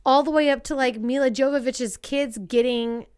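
Animated profane woman telling a story. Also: high-pitched, moderate pace, clear, resonant tone. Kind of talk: casual storytelling chat.

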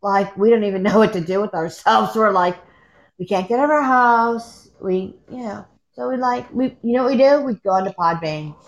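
A woman's voice: mid-range voice, moderate pace. A woman from the Pittsburgh area chatting casually on a podcast, rambling and laughing easily. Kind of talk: casual chat.

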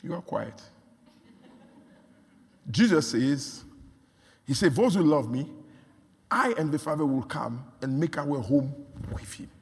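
A man preaching a sermon, repeating phrases and building from quiet talk to shouts. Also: on the high side, lively intonation, slow pace, long pauses, slightly rough. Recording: long hall reverb.

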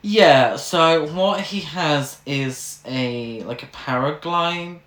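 A woman's voice: low voice, slow pace. A woman co-hosting a casual podcast chat, laughing often and swearing freely. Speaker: podcast co-host. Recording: echoey room with background noise.

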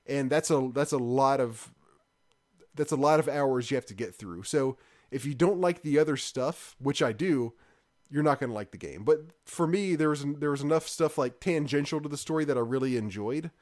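Brief: man, mid-pitched voice, relaxed podcast co-host, easygoing rambler. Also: moderate pace. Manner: rambling, easygoing, self-correcting. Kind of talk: casual podcast chat about games.

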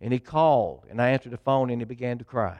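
A middle-aged preacher, a man chatting through a personal testimony in an easygoing, folksy way. His voice sits at an ordinary pitch for a man and sounds dry and close, with no room around it. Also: lively intonation, fast, dry recording, highs cut off. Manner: folksy storytelling, addresses congregation. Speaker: pastor. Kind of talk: sermon testimony.

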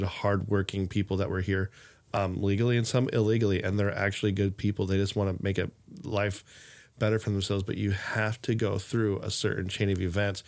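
A man's voice: fairly low pitch, darkish tone. A man hosting a casual podcast chat, rambling and storytelling with lots of filler words. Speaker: podcast host.

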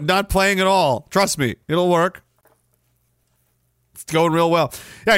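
A man hosts a stream and mocks what he watches, his voice high and bright. He slides from muttering into shouting. The sound is dry and close. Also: no room sound. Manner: sarcastic, mocking, bursts into shouting. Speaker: stream host. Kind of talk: ranting commentary on a video clip.

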